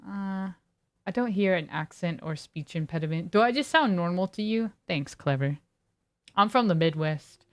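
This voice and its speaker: A woman's voice: fairly low pitch, expressive, moderate pace. A woman streamer chatting casually with her viewers, reading chat aloud and riffing on it in a laid-back way.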